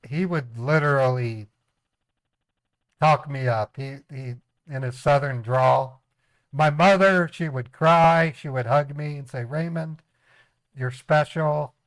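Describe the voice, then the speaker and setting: A man's voice: fairly high pitch, a bit bright, no echo. Chatty man with a dry close sound. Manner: chatty, laughs often, slips into voices. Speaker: streamer, scam baiter. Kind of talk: casual livestream chat.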